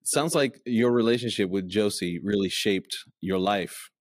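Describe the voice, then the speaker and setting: A man hosting a faith podcast interview, measured and reflective, summing up what his guest shares. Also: lowish voice, no room sound. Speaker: podcast host, pastor.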